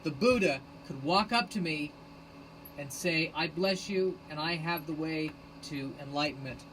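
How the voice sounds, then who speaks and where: A man hosting a rambling solo live stream on his phone, sarcastic and self-mocking, bursting into shouted rants. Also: fairly high pitch, measured pace, a little hiss or hum, low-quality recording. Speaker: podcast host streaming live.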